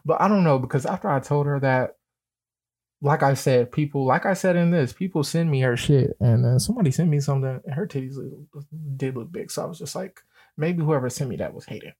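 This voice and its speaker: A man hosting a live stream, reading out screenshot messages and answering them in an animated, profane rant. His voice swings from low muttering to sudden shouts. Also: brisk, slightly rough. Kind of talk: ranting live-stream commentary.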